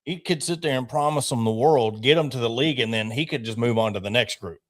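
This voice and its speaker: A man co-hosting a casual sports podcast, animated and opinionated, talking in quick bursts. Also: medium pitch. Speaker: podcast co-host.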